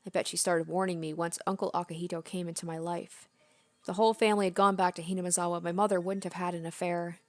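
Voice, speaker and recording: A woman's voice: lowish voice, flat delivery, fast talker, darkish tone, no echo, close to an everyday voice. A woman reading the lines of a disturbed teenage girl from a visual novel, repeating herself feverishly. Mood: frantic. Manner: feverish, repetitive apologizing.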